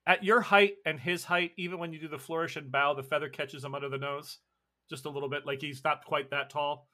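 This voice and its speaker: A man narrating as game master of a tabletop game, animated and laughing often. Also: on the high side, fairly quick.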